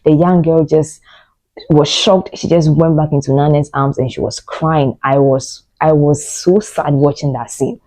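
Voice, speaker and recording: Lady rambling thru a movie review, warm mellow voice, lots of um and you know. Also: low voice, moderate pace, dry recording, rough recording. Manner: emotional, rambling, many fillers, retells scenes. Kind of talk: casual spoken movie review.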